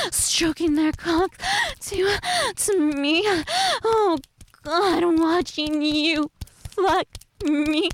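A woman's voice: lively intonation, drawn-out words, slight background noise. Breathless, moaning woman in adult audio role-play. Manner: moaning, breathless, shifts from low purr to high cries. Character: married older woman, lustful and brazen.

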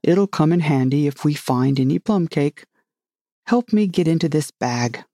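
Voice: mid-range voice, animated, normal speed, warm tone, no echo, clean studio sound, lightly acted. A storybook reader voicing a grave, muddled old knight who rambles proudly about his own inventions. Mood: earnest. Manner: grave, rambling, self-satisfied.

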